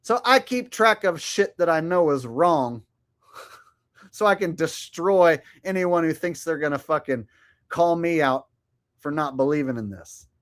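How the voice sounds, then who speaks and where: A man's voice: a little high, lively intonation, a little slow, a bit bright. A man hosting his own channel, giving profane, sarcastic commentary in a mocking, crude way with frequent laughter. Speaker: channel host.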